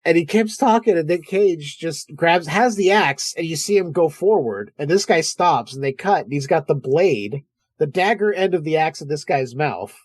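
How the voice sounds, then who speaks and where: A man's voice: on the high side, moderate pace, no echo. A man hosting a podcast, chatting casually about films and acting out scenes as he retells them. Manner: animated storyteller, acts out film scenes. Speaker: podcast host. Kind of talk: casual film chat.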